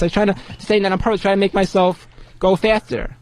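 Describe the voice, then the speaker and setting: A man's voice: high-pitched, little pitch movement, fast. A man telling a story in an earnest, formal way, repeating himself. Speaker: caller recounting a massage story.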